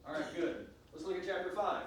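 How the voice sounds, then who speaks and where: A high-pitched man leads a church Bible class in an echoey room, heard from a distance. He talks emphatically, restarts his sentences and keeps asking the class questions. A faint hiss sits under his voice. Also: fairly even intonation, fairly quick.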